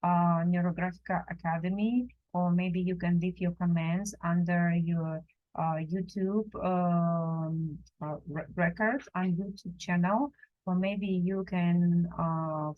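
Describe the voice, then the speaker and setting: Slow, gentle woman teaching drawing. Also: lowish voice, dull audio. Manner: slow, gentle, non-native phrasing with many pauses. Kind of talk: live drawing lesson. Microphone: camera while drawing at a table.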